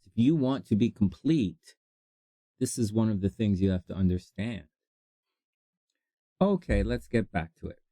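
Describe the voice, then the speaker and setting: A channel host talking casually to viewers, animated and laughing often, jumping between low asides and high exclamations. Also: measured pace, long pauses, no room sound. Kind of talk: casual advice monologue to camera.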